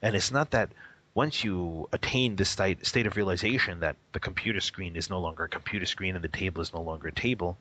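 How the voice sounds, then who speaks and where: Earnest husky man explaining Buddhism. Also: low-pitched, fast, sharp tone, low-quality recording. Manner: earnest, emphatic, repeats words while explaining. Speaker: Buddhist guest speaker. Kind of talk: radio interview talk.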